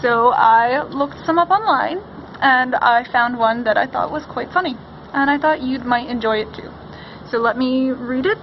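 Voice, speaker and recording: A woman's voice: high voice, normal speed, slight background noise. A woman playing an earnest young male teacher and pilot's fiance, talking wistfully to his absent partner in a cosplay vlog. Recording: dull lo-fi camera audio.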